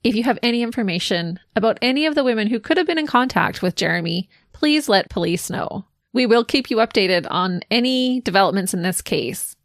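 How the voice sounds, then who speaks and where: A woman co-hosting a casual podcast, chatty and quick to laugh. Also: on the high side, expressive, no room sound, clean studio sound. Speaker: podcast co-host.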